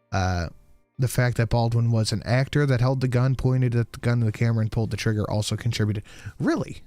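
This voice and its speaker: A man's voice: mid-range voice, dry recording. A man hosting a live stream, reacting to clips in a casual, sarcastic way and swearing freely.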